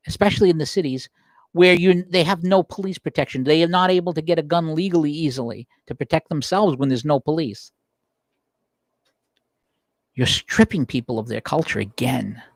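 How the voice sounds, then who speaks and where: Impassioned talk host with a lively voice. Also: male voice, no room sound, studio quality. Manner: heated, emphatic, pitch rising sharply when worked up. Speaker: political talk show host. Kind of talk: impassioned political monologue. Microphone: livestream desk microphone.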